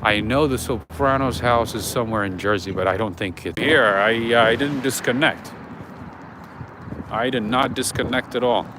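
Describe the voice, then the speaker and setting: A man's voice: mid-range voice, normal speed. A man hosting an unscripted walking livestream outdoors, talking casually to his viewers as he goes. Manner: chatty, talks to viewers, often whispers. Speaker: livestream walking-tour host. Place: outdoors on city streets near a waterfront. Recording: mobile livestream with clear street noise. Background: street noise and traffic.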